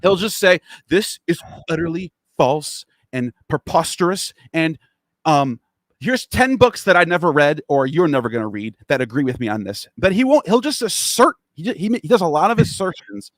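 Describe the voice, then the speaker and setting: A man's voice: fairly high pitch, very animated, fairly quick, dry recording, studio quality. A man hosting a casual online discussion, talking in a rambling, profane and heated way. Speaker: podcast host.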